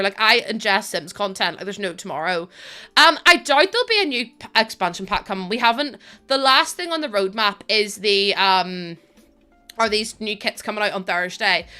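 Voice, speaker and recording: A woman's voice: mid-range voice, sharp tone. A woman with a Northern Irish accent chatting casually on a live stream, laughing often and thanking viewers by name. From Northern Ireland.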